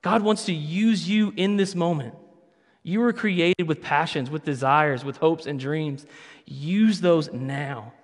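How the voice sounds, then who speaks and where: A man's voice: fairly high pitch, takes it slowly. A man preaching a sermon as pastor, conversational with playful asides. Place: church sanctuary. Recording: long reverb of a church hall.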